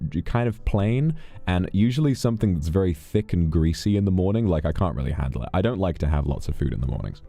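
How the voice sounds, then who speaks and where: A man's voice: sits low, mellow. A British man chatting casually on a stream, rambling and swearing freely as he tells stories.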